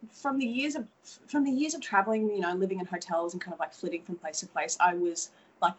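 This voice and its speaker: A woman's voice: fairly low pitch, quick pace, a little hiss or hum, low-quality recording. An Australian woman in her thirties, a model, talking candidly and energetically as a podcast guest. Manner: energetic, candid, swears casually. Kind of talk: casual interview chat.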